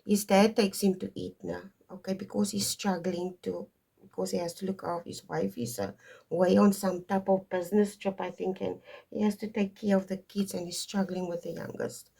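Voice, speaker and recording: A woman's voice: medium pitch, flat delivery, moderate pace, gravelly, warm tone, slightly rough. A woman giving a casual tarot and astrology reading to her viewers, wandering off topic and stopping to stress her points. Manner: digressive, emphatic, stops to stress points. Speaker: tarot reader.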